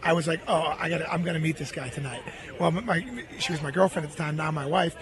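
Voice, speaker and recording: A middle-aged man, an interview guest, telling a long personal story in an earnest, animated way. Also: a little high, fast talker, crowd noise.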